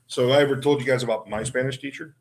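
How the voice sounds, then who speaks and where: A man's voice: medium pitch, fairly even intonation, rapid-fire. A man with a Pittsburgh accent, co-hosting and telling rambling stories with laughs. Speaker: co-host. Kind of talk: casual storytelling.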